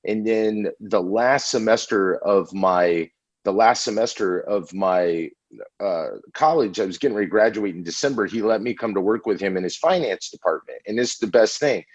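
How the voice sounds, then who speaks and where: Lively low-voiced man telling stories. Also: moderate pace, dry recording. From Indiana. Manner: animated, says "man" often. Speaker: podcast guest. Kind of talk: casual storytelling interview. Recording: dull lo-fi audio.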